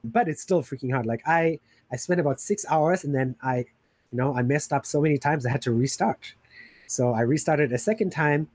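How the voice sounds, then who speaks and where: A man's voice: mid-range voice, a little mellow, dry recording. A man hosting a podcast in casual chat, rambling with enthusiasm and plenty of fillers. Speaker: podcast host.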